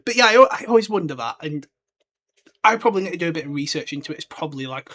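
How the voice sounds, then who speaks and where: A man hosts a book podcast, chatting in a rambling way and tossing in side remarks as he discusses books. He talks fast, with a high-leaning voice and a fairly bright tone.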